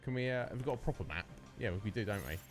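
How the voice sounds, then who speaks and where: A male streamer talks casually over his gameplay in a mid-range voice that swings up and down a lot. He chats freely and mimics the characters on screen. Game music runs clearly behind him. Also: medium pitch, lively intonation, racing. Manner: chatty, laughs and mimics characters. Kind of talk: casual live-stream commentary.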